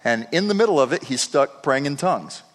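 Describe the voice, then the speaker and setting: A man preaching a sermon, telling stories with animated emphasis and repeating words as he builds up. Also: medium pitch, fairly quick, long reverb tail, a little hiss or hum. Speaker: pastor. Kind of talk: sermon storytelling.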